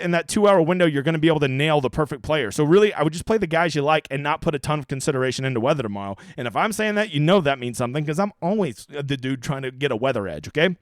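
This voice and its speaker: Fast-talking, profane man, dry close mic. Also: a little high, clear, resonant tone, no room sound. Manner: fast, loose and profane, with quick asides. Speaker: fantasy golf strategy host. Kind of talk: casual screen-share breakdown.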